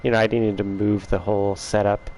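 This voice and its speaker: A man's voice: fairly low pitch, flat delivery, brisk, a little mellow, slight background noise, rough recording. A man hosting a casual gaming livestream from his room at home, chatting and teasing viewers by name.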